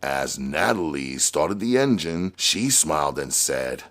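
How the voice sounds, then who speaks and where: A man narrating an action novel aloud in a measured way that climbs on dramatic moments. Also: a bass voice, big pitch swings, fairly bright tone. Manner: measured, rising on action beats. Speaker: audiobook reader.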